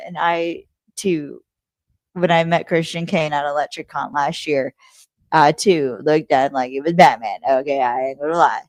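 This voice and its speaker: A woman's voice: deep voice, a little slow, no echo. Casual swearing woman host recapping. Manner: rambling, casual, swears freely, self-correcting. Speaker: podcast host.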